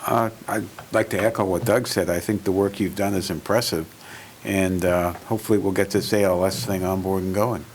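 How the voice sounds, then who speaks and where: A man's voice: low-pitched, fairly even intonation, fairly quick, slight background noise, low-quality recording. A man chairing a town board meeting, speaking in brief, procedural remarks.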